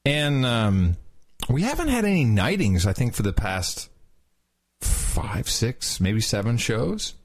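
Husky man hosting a joking podcast. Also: medium pitch, huge pitch swings, takes it slowly. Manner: loose and joking, chuckles often, stumbles through names. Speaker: podcast co-host. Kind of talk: casual chat, reading listener notes and birthday shout-outs.

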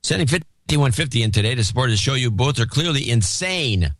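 A man co-hosting a podcast, reading listener donation notes in a brisk way and sometimes laughing at them. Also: mid-range voice, expressive, dry recording. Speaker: podcast co-host.

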